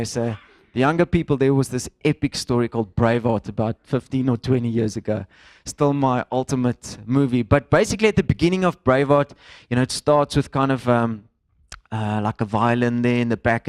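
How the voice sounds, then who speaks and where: Male pastor, 30s, mid-pitched, relaxed conversational sermon, dry close sound. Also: no echo. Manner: conversational, with fillers and mixed-in Afrikaans phrases. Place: church in front of a congregation.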